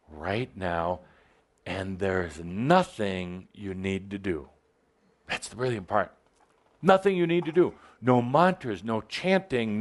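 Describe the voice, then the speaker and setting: A man giving a spiritual channeling talk to a live audience, playful and teasing as he exhorts them. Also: medium pitch.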